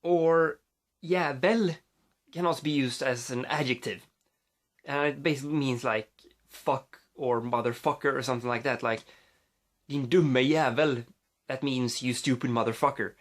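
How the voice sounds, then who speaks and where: A man's voice: medium pitch, fairly even intonation, moderate pace, fairly bright tone. A man with a Swedish accent, a native Swedish speaker, vlogging casually into his phone, rambling with many fillers and restarts.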